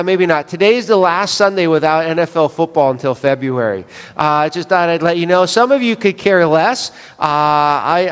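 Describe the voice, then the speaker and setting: A pastor with a high voice preaches to his congregation in a casual, joking way, asking them questions and telling stories. He walks around with a wireless mic. The sound rings with the long reverb of a church sanctuary. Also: clear, resonant tone. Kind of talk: sermon. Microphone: wireless mic, moving around.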